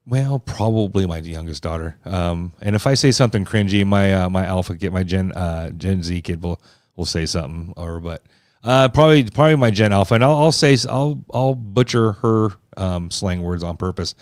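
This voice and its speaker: A man's voice: low voice, lively intonation, normal speed, a little mellow, no room sound, clean studio sound. A man around fifty hosting a podcast, talking loosely and rambling with lots of fillers and restarts. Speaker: podcast host. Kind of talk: casual podcast chat.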